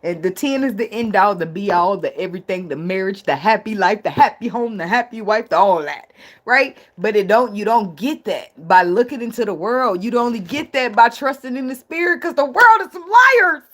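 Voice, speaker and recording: A woman's voice: mid-range voice, expressive, a little fast. A woman in reads tarot live from her home. She talks bluntly and swears freely, and her delivery stays casual and direct. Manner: blunt, profane, laughs often. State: tearful at times. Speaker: tarot reader.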